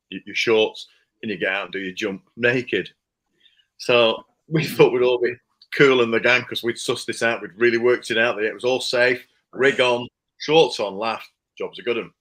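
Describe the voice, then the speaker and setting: A man telling a casual anecdote, animated and laughing as he acts out the people he quotes. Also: on the low side, low-quality recording. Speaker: storyteller.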